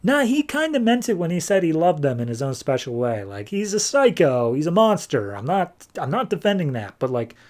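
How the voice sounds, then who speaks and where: A man's voice: on the high side, sing-song, normal speed, hardly any pauses, darkish tone, voice pushed up. A man voicing a laid-back, offhand male angel in a casual comic-book recap, with a shrugging, easygoing delivery.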